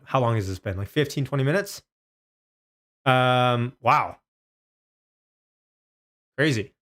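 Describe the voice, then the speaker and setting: Male live-stream host, excitable, keeps calling out numbers, mid-range voice, unscripted commentary. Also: mid-range voice. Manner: excited, rapid, repeats prices aloud. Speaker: stock market live streamer.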